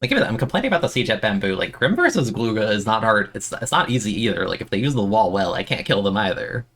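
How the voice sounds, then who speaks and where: A man's voice: very animated, fast, fairly bright tone, soft background music. Exasperated young male game streamer. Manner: exasperated, self-mocking complaining with sudden high-pitched outbursts. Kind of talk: casual live-stream commentary.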